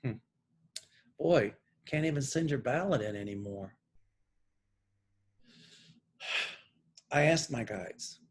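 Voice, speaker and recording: Here a psychic, a man with a gravelly, slightly rough mid-range voice, reads channeled messages from notes directly to camera. The earnest monologue carries emphatic, deliberate and pointed political commentary.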